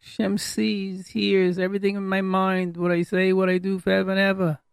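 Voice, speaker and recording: A man's voice: sits high, completely flat delivery, moderate pace, gravelly, clean tone, no echo, studio quality. A man giving an emphatic, repetitive sermon as a religious teacher.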